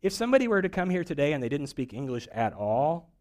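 A man's voice: a little high, sing-song, quick pace, a little mellow. A man preaching a sermon in a conversational, joking way, a pastor who acts out little voices to make his points. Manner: conversational and humorous, acting out voices for jokes.

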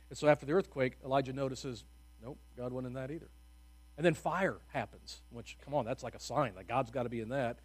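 A man preaching a sermon in a casual, humorous storytelling way, with sudden loud bursts of emphasis and hushed, quiet drops. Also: mid-range voice, fast, breathy edge.

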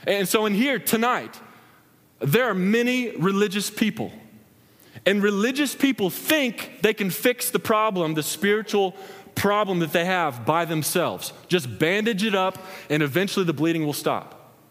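A young male preacher delivering a sermon, telling stories and acting out small scenes. His voice sits a little high for a man. It rings out with a long reverb from a large hall. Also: moderate pace. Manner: animated storytelling, acts out scenes with hand gestures. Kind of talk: sermon with acted-out examples.

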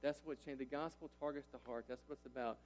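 A man's voice: medium pitch, steady tone, fast, darkish tone. A man in his thirties preaching a sermon as a pastor, emphatic and often checking in with listeners. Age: 30s. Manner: emphatic, repeats "right?" and "listen" to engage listeners. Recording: long hall reverb.

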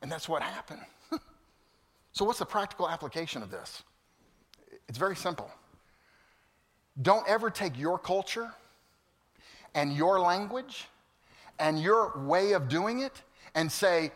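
A man preaching a sermon to his congregation, animated and storytelling, swinging from loud to hushed. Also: high voice, measured pace, pauses often. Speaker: pastor. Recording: long hall reverb.

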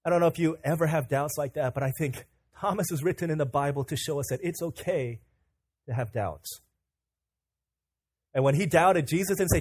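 A young man preaching a sermon, animated and casual, who tells stories and acts out the voices of the people in them. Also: a little high, brisk, husky. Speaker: pastor.

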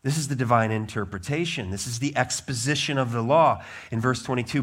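A man's voice: fast, hardly any pauses. Emphatic male pastor preaching. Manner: emphatic, lively pitch swings, blunt asides. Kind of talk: sermon.

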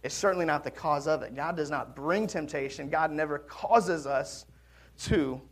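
A man preaching a sermon in a conversational way, swinging between loud emphasis and quiet, hushed drops. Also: fairly high pitch, moderate pace. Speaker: pastor.

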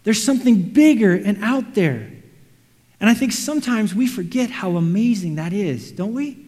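A man preaching a sermon, animated, acting out quotes and everyday scenes. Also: high-pitched, moderate pace. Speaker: pastor. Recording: reverberant hall.

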